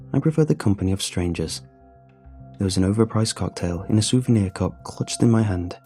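A man giving a measured, somber first-person horror story narration. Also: on the low side, creaky, dark tone, husky. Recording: faint music bed under voice.

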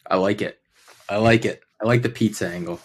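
A man's voice: fairly low pitch, fairly quick, slightly rough. A man co-hosting a podcast in casual chat, teasing and joking crudely while often breaking into giggles. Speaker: podcast co-host.

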